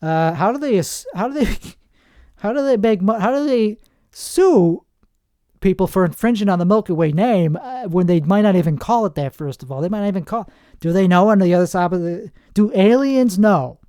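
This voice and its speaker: A man's voice: high-pitched, animated, normal speed, mellow, dry recording, studio quality. A man hosting a podcast in a rambling, self-mocking comedic monologue, trailing off and restarting his sentences. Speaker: podcast host. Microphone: podcast microphone.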